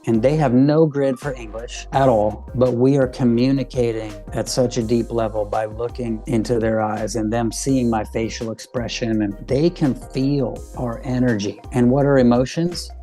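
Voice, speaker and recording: A man speaking as an interview guest, animated and explaining with examples. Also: mid-range voice, moderate pace, hardly any pauses, soft background music. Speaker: guest, parenting coach. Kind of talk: casual interview talk.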